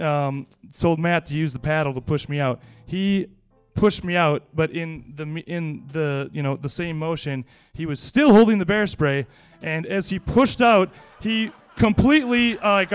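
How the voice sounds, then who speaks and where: A man telling a personal anecdote in a lively, casual way, laughing often and restarting his sentences. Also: high voice, a little slow, few pauses, clean tone, soft background music. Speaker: storyteller.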